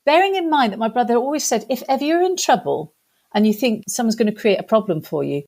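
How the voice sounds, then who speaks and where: A woman with a British accent, a guest in an interview, telling a funny story in a lively way and acting out the voices of the people in it. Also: fairly high pitch, fast talker. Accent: British English. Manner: lively animated storyteller, acts out quotes.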